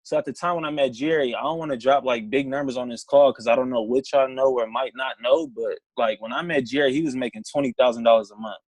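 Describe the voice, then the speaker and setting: A young man on a video call, telling his story in a casual, animated way and acting out both sides of phone calls. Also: medium pitch, fast talker, few pauses, dry recording, rough recording. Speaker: distributor sharing his story on a team call.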